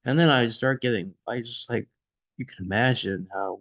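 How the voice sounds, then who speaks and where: A man telling a personal story in a casual, emotional way, growing quieter and more shaken. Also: mid-range voice, moderate pace, no echo. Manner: emotional, increasingly hushed, shaken.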